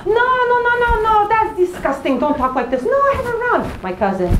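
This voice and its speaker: Woman doing a bossy old mom, broken english, blunt, jumpy high voice, echoey noisy room. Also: huge pitch swings, fairly quick, heavily acted. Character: pushy old Hungarian mother, blunt and fussy.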